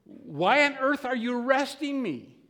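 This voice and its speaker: A man's voice: extremely high pitch, sing-song, measured pace, fairly bright tone, big-room sound, voice pushed up, heavily acted. A man voicing an indignant woman driver who protests that she is being arrested.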